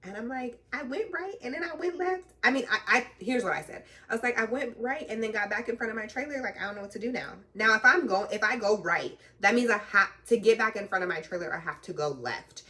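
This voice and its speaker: A young woman telling a story in a casual, animated way, acting out both sides of an argument and swearing freely. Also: medium pitch, fast, hardly any pauses, far from the mic. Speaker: trucking vlogger.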